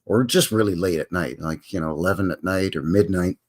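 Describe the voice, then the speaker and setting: A man's voice: sits low, brisk, darkish tone. A man in his fifties hosting a casual live stream from home, chatting to viewers in a folksy, rambling way. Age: 50s.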